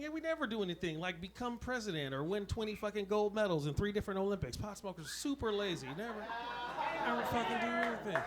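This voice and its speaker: A man with a fairly high voice works a comedy club stage in a loose, laughing, punchy stand-up set, forever checking in with the crowd. The live recording is noisy, with a steady club hubbub behind him. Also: fast talker.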